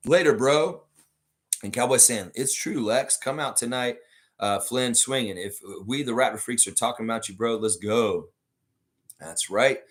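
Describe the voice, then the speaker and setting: A hoarse man hosting a live sports stream, reading viewer messages aloud and ranting in a casual, swearing way. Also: mid-range voice, moderate pace. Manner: animated, reads chat messages aloud, swears freely.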